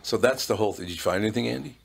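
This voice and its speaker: A man with a fairly low voice hosts a radio talk show from a studio mic. He chats loosely and teases the people around him with jokey asides. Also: racing, vocal fry, breathy edge. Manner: chatty, ribbing, jokey asides. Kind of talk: casual studio chat. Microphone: studio microphone.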